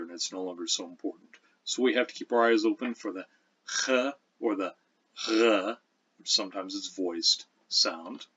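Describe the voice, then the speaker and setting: Low-voiced man explaining pronunciation. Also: fairly bright tone, highs cut off. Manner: explains patiently, reads verse slowly. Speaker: teacher. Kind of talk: lecture with recitation.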